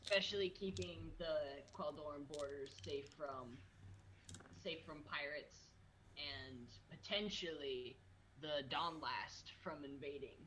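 A game master narrating a tabletop game, halting with fillers and restarts. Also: medium pitch, bright, forceful tone, a little hiss or hum, low-quality recording.

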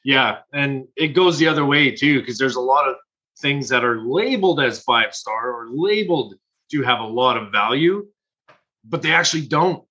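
A man's voice: mid-range voice, expressive, normal speed, pushed and bright, breathy edge, low-quality recording. A man co-hosting a podcast, chatting in an easygoing way and laughing along. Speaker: podcast co-host. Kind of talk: casual podcast chat.

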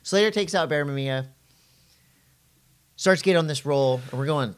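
A middle-aged man co-hosting a casual podcast, telling surf stories with animation and jumping into a high voice when he quotes people. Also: moderate pace, long pauses, clean tone. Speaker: podcast co-host and surf commentator.

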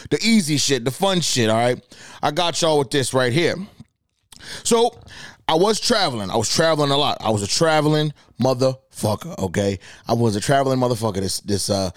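A man's voice: a little high, no room sound, studio quality. Hyped, profane young man hosting a podcast. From Boston area, US. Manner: hyped, profane, slangy, talks straight to listeners. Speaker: podcast host. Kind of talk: casual solo podcast monologue. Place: home studio. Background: faint hip hop music.

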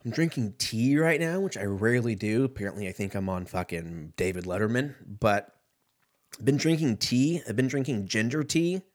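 A man's voice: medium pitch, normal speed. A man in his thirties hosting a casual solo podcast, rambling and swearing freely as he riffs. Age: 30s. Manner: rambling, profane, laid-back riffing. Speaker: podcast host.

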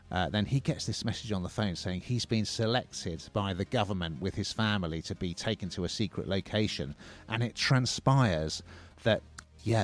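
Lowish-voiced chatty male film reviewer. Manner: chatty, hesitant restarts, conversational. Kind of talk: casual review chat.

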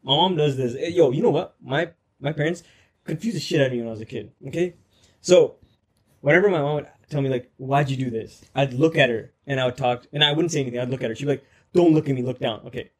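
Husky young man, animated storyteller. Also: mid-range voice, fast. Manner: animated, loud storytelling with slang. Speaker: podcast co-host. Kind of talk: casual chat.

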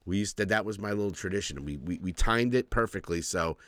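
A man in his forties, co-hosting a casual podcast chat, telling animated stories with lots of laughs and casual swearing. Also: low voice, fast talker, dry recording. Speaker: podcast co-host.

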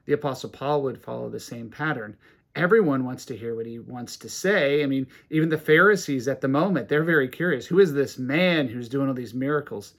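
A man preaching a sermon, animated and rising to emphatic peaks, reading scripture aloud between his comments. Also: medium pitch. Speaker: pastor.

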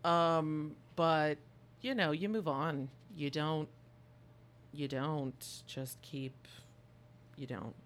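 A woman co-hosting a podcast, recapping a movie in casual chat with an animated, joking, irreverent manner. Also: low-pitched, drawn-out words, long pauses. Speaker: podcast co-host.

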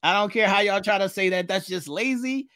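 A man's voice: sits high, brisk, sharp tone, no room sound, clean studio sound. A man co-hosting a podcast, blunt and profane, often laughing and exasperated in a casual debate. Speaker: podcast co-host.

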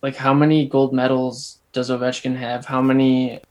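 A man's voice: medium pitch, normal speed. A young man co-hosting a casual sports podcast, talking emphatically with frequent restarts. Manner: animated, restarts a lot, emphatic. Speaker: podcast co-host.

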